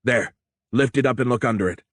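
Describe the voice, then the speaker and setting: A man's voice: mid-range voice, fairly quick, dry recording, clean studio sound, voice pushed up, natural voice. A male narrator voicing a principled young submarine executive officer who roars and barks orders in an audiobook. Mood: commanding. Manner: roaring orders. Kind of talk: audiobook character voice.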